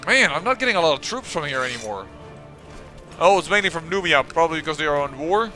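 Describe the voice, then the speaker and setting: A man with a bright, somewhat high voice talks through his game session. He thinks aloud and often trails off or restarts mid-sentence, with faint game music underneath. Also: animated, quick pace. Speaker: let's-play host. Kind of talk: game commentary.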